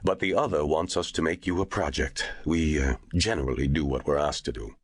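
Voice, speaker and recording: A man's voice: extremely low pitch, husky, dry recording, clean studio sound. Man doing a genial drawling angel. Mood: scoffing. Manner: slow drawl, scoffing. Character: huge genial male angel in human form.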